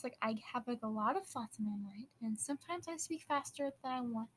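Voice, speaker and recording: A woman's voice: fairly high pitch, a little fast, hardly any pauses, slight background noise, poor audio. Bubbly fifteen-year-old Wisconsin girl podcasting. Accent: Upper Midwest American. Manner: bubbly, giggly, rambling with restarts. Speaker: podcast host. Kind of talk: casual teen podcast chat.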